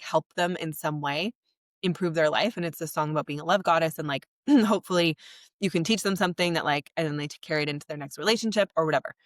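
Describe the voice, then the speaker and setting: A woman's voice: low-pitched, dry recording, studio quality. A young woman hosting a podcast, telling an emotional personal story in a candid, rambling way full of "like". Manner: candid, emotional, heavy use of "like". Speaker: podcast host.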